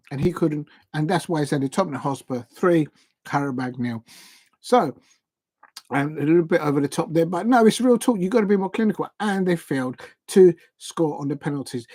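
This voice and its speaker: A man's voice: on the high side, expressive, fairly quick, darkish tone, dry recording. Chatty man recapping football results. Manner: chatty, rambling, stumbles over player and club names. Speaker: football watch-along streamer. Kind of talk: casual live-stream football recap.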